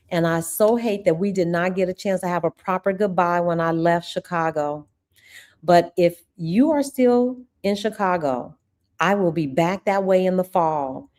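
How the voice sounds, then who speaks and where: Woman host, ex-teacher, live chat with viewers; mellow tone, gushing and chatty. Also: fairly low pitch. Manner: effusive, chatty, calls viewers "y'all". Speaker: channel host; former teacher. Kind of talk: casual livestream chat with viewers.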